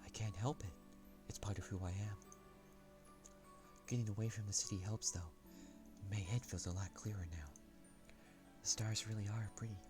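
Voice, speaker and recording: Man reading as a caring friend, gentle and worried, low voice, soft earnest tone, faint music behind. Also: fairly even intonation, normal speed, pauses often, lightly acted. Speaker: visual novel character. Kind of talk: reading game dialogue aloud.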